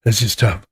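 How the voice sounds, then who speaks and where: A man hosting a live stream while sick, coughing and clearing his throat as he rambles on. His voice sits fairly low and the sound is dry and close. He talks in a loose, casual way. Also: darkish tone, no room sound.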